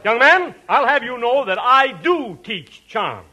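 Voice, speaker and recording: A man's voice: very high voice, big pitch swings, measured pace, pushed and bright, full character voice. An actor playing a pompous, fussy male etiquette professor in a 1940s radio comedy, with theatrical delivery.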